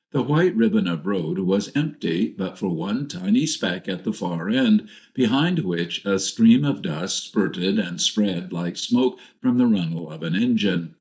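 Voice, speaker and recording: A man reading a novel aloud in a steady, measured narration. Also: deep voice. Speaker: audiobook narrator. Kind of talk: scripted narration.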